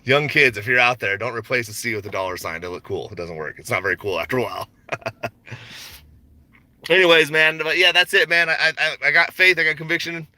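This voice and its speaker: A man hosting a stock livestream in a loose, rambling way, full of slang and easy laughter. His voice is bright and forceful with a tense edge. His pitch sits in the middle of the male range. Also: a little fast, no room sound. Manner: rambling, laid-back, slangy, laughs often. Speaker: stock market livestream host. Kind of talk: casual livestream chat.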